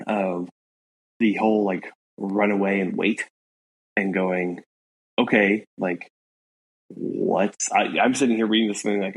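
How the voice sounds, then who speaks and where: A congested man co-hosting a podcast, talking through a novel in a thoughtful, halting way with many fillers. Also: fairly low pitch, gravelly, husky, poor audio. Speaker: podcast co-host. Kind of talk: casual book discussion.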